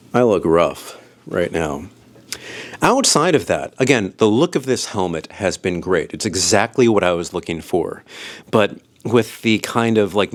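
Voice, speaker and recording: A man casually reviewing a helmet he is wearing, loose and rambling, chewing gum with his face squeezed. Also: fairly low pitch. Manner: rambling, loose and chatty with fillers. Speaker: product reviewer. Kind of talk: casual product review vlog. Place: indoors, cold day with rain outside.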